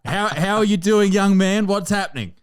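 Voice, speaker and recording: A young Australian man hosting a comedy podcast, loud and swearing in joking banter. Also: sits high, normal speed, smooth. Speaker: podcast host.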